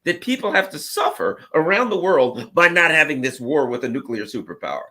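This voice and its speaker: A man's voice: a little high, sing-song, brisk, bright, forceful tone. A man giving sarcastic political commentary as a guest, mocking politicians by acting out their words. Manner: sarcastic, mocking, acts out politicians in quoted voices.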